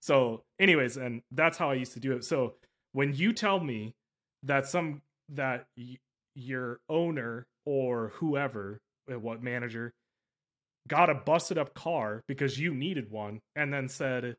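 A male podcast host talking in a loose, conversational way. He rambles and stresses his points, often stopping to rephrase mid-sentence. His voice sits in an ordinary middle pitch. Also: a little slow, a bit bright. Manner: rambling and emphatic, with frequent self-corrections. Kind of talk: casual interview chat.

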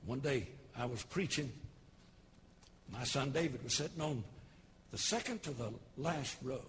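A pastor in his sixties with a Tennessee Southern accent, preaching a folksy, humorous sermon with homespun storytelling and sudden shouted bursts. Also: medium pitch, measured pace, slight background noise. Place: church service broadcast on television.

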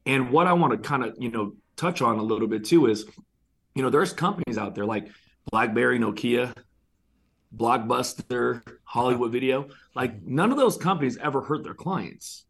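A man's voice: medium pitch, moderate pace, creaky, breathy edge. A man who runs an insurance agency, chatting as a guest and telling stories animatedly, acting out quoted lines. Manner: animated storyteller, acts out quotes. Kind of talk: casual interview conversation.

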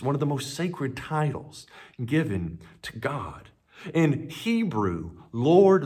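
A male pastor preaching a sermon with emphatic delivery, building up as he quotes scripture. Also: medium pitch.

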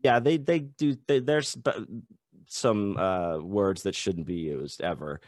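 A man talking as a guest author in a casual podcast chat, loose and animated, swearing and saying "like" a lot. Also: low voice, takes it slowly, no room sound, clean studio sound.

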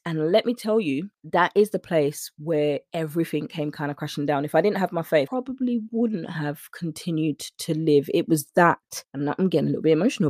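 A woman's voice: lowish voice, a little mellow, no echo. Earnest woman telling her story, dry sound. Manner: earnest, emotional storytelling that acts out her own quoted thoughts. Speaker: nutrition coach. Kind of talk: personal testimony on a podcast.

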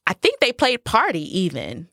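A woman in her thirties, a professional dancer, telling a story as a guest in a casual interview. She is animated, acts out what people said and laughs often. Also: medium pitch, moderate pace, no echo, clean studio sound.

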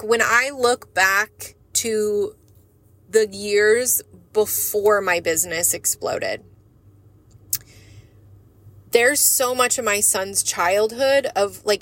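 A woman's voice: medium pitch, a bit bright. A woman hosting her own podcast and working as a coach, talking candidly in a rambling way and swearing freely. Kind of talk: casual podcast monologue.

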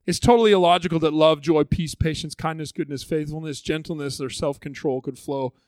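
Lively pastor with a higher male voice. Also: brisk, no room sound. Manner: lively, conversational, repeats words when building a point. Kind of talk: sermon.

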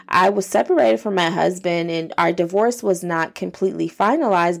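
A woman's voice: medium pitch, gravelly. A woman sharing a casual, heartfelt faith testimony, speaking earnestly and straight to her viewers. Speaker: faith vlogger.

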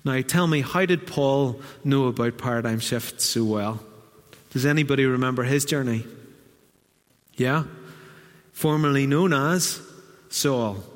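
A man from Northern Ireland with a Northern Irish accent preaching a sermon in a church, lively and humorous, with asides to the congregation. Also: medium pitch, a little slow, pauses often. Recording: long church hall reverb.

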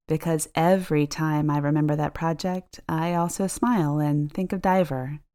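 A woman tells a first-person horror story in a reflective, measured way. Her voice is low and steady, and she paces the narration for effect.

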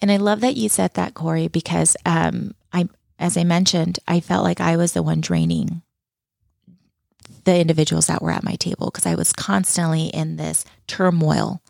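In clean studio sound with no room echo, a middle-aged woman's low, gravelly, darkish voice moves at normal speed with fairly even intonation. As an interview guest she reflects on her personal life, earnest and heartfelt, repeating key words to stress them.

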